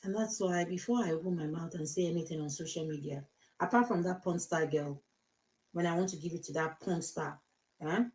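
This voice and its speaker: A woman's voice: on the low side, dark tone. Emphatic Nigerian woman in an echoey room. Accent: mixed Nigerian, British and American. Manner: emphatic, repeats her advice, slips into Yoruba phrases. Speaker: social media live host. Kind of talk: casual live-stream talk.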